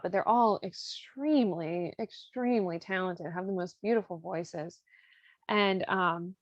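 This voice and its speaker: A woman's voice: mid-range voice, no echo, muffled recording. A woman podcast host casually retelling a story, chatty and swearing freely as she acts out the quotes. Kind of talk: casual retelling of an opera plot.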